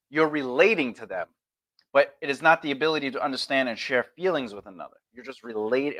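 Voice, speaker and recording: A man with a fairly high, bright and forceful voice teaches conversation skills on a casual livestream. He talks loosely and chattily, often slipping into quick acted-out example replies. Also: expressive.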